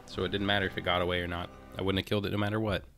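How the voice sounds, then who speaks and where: Let's play host: deep gravelly male voice, rambling casual commentary, faint game music behind. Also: flat delivery, racing, fairly bright tone. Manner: chatty, talks to himself and the game, frequent restarts.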